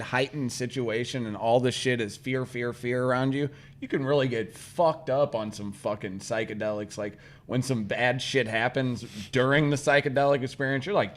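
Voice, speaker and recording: A young adult man co-hosting a casual chat show, talking in a profane, rambling and animated way. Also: mid-range voice. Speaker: podcast co-host.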